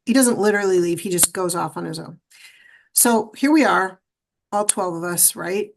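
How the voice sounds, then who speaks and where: A middle-aged woman, a podcast guest, telling her story in an animated, emphatic way. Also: lowish voice, normal speed, creaky, a little hiss or hum. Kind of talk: storytelling interview.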